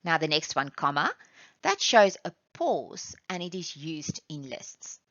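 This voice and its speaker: Woman teacher from South Africa, lowish bright voice, patient step-by-step explainer; dry, lo-fi recording. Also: very animated, no echo. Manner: patient, explains step by step, reads examples aloud slowly. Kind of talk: classroom lesson. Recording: dull, lo-fi sound.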